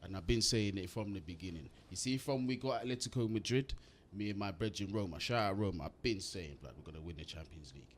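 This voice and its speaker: A man, a guest on a football chat show, making confident predictions with excitement. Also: low voice, fast talker, slight background noise.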